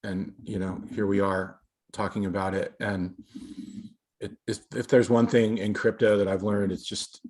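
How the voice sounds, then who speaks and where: Male podcast host, low husky voice, easygoing delivery. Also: moderate pace. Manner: relaxed, loosely phrased. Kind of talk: casual interview conversation.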